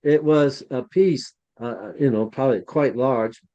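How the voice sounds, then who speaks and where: A man's voice: mid-range voice, unhurried, mellow, lo-fi sound. A man co-hosting a podcast, telling a chatty, rambling story and acting out the dialogue. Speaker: podcast co-host, museum curator. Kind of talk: anecdotal storytelling.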